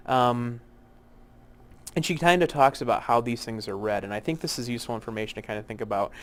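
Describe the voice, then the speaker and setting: A man teaching poetic meter in an unscripted lecture, with many fillers and restarts, slowing down to spell out terms. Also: lowish voice, slight background noise. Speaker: literature instructor. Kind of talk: recorded lecture.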